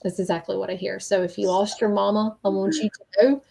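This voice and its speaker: A woman giving a live-stream spirit reading as a medium. She talks earnestly, in a mid-range voice, and keeps pausing for "okay?" and "um" as she relays messages. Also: medium pitch, level tone, vocal fry, dark tone. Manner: earnest, repeats "okay?" to check in, frequent ums.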